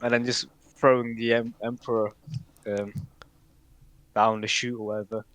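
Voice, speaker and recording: A man's voice: mid-range voice, little pitch movement, moderate pace, a bit bright, smooth, no echo. A man co-hosting a casual podcast chat, talking hesitantly with many fillers and restarts and laughing often. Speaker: podcast co-host.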